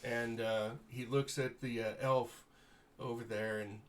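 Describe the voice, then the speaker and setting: Slow, halting tabletop game master. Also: male voice, mid-range voice, level tone. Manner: halting, unscripted narration with self-corrections.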